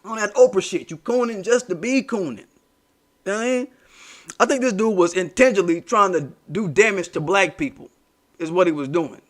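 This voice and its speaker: A man with a fairly high voice and delivers a heated commentary monologue. He leans on street slang and profanity, repeating himself for emphasis as he rants to his audience. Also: a little fast. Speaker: commentary channel host.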